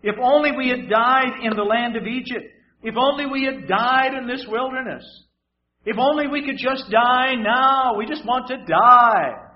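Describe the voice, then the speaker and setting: A man's voice: extremely high pitch, measured pace, dull audio, voice pushed up. A man voicing a despairing crowd of ancient Israelites who wail and complain melodramatically.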